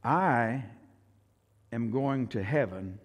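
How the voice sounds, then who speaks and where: An older man with a Texan accent preaching a sermon as pastor, swinging from hushed to loud and often repeating himself. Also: medium pitch, lively intonation, very slow. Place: church sanctuary. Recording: long church hall reverb.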